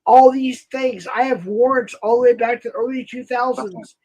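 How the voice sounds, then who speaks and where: A man talking as a guest on a casual livestream, halting, with many restarts. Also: very high voice, fairly even intonation, highs cut off, a crowd in the background. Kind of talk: casual live-stream chat.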